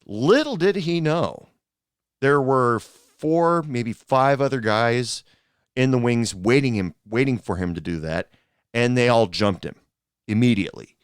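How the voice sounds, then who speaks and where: A man's voice: mid-range voice, unhurried, clean tone, dry recording, clean studio sound. A man hosting a show and telling bar stories in a rambling, casual monologue full of fillers and restarts. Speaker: podcast host, former bartender.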